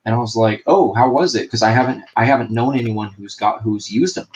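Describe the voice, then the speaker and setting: A man's voice: medium pitch, brisk, highs cut off. A man co-hosting a casual stream, telling rambling anecdotes full of fillers and restarts. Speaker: podcast co-host. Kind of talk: casual chat, storytelling.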